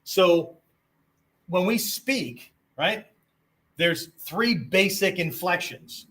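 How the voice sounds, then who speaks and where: A man teaches martial arts in a loose lecture style, and his voice sits a little above the usual male pitch. He keeps asking "right?" and "okay?" as he talks and now and then acts out different tones of voice. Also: lively intonation, extremely slow, a bit bright, husky. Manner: conversational, peppers sentences with "right?" and "okay?"; demonstrates tones of voice on quoted phrases.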